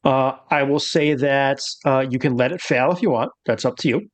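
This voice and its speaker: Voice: medium pitch, normal speed. A game master running a tabletop horror game, explaining rules with many fillers.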